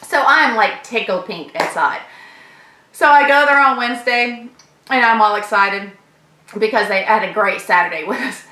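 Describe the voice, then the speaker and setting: A woman with a bright, forceful voice, pitched a little high. She tells a sales story to camera, acting out every exchange with lively animation. The sound is roomy, with a clear echo. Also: normal speed, slight background noise. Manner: animated, acts out both sides of conversations. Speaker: sales professional.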